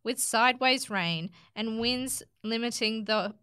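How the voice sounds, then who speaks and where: Bright, crisp woman reading news. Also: a little high, no echo, clean studio sound. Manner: brisk headline reading with small restarts. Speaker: news reader. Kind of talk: reading news articles aloud.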